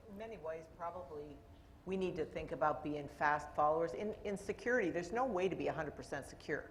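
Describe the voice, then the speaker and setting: A woman's voice: sits low, a little fast, slight background noise. A woman with a Canadian accent, an IT executive answering thoughtfully on a panel, with small restarts as she searches for words. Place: stage at a live panel event.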